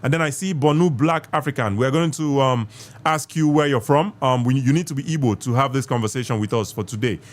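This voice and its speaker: A man's voice: medium pitch, brisk. A man with a Nigerian accent hosting a live call-in podcast debate, assertive and lecturing, repeating himself for emphasis. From southeast Nigeria. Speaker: podcast host.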